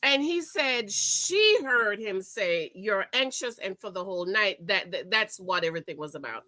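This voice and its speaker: A woman hosting a reality TV recap, talking in a sassy, animated way and calling out the people she reviews. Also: mid-range voice, normal speed, no echo. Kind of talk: casual commentary.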